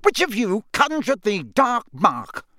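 A man's voice: high-pitched, wildly swooping pitch, takes it slowly, bright, forceful tone, no echo, clean studio sound, voice pushed up, full character voice. A man doing a curt, furious official. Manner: curt, snapping, accusing. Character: cold, furious older male ministry official.

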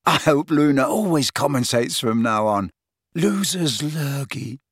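A man's voice: mid-range voice, lively intonation, unhurried, slightly rough, no echo, studio quality. A man reading an audiobook, voicing an easygoing teenage boy with a casual, reasonable, teasing manner. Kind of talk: audiobook character voice.

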